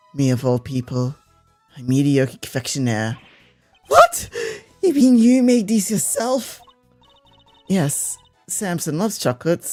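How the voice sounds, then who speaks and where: A man reading the lines of a gentle, devoted young woman who works as a maid in a mystery game, polite and soft-spoken. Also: medium pitch, lightly acted. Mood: modest.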